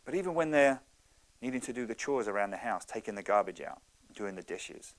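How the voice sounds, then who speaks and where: A man in his thirties gives a motivational talk to an audience, with an average male pitch. He tells stories in an animated, conversational way, often addressing his listeners directly. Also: brisk. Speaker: speaker.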